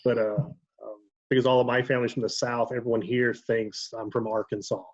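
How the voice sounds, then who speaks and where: A man with an Ohio accent tells stories at an easy pace and often stops to fill with an um or fix a word. His voice sits in a middle pitch. The sound is a bit dull and lo-fi, as on a video call. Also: fairly quick. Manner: relaxed storytelling with frequent ums and self-corrections. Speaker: guest. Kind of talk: casual video-call chat.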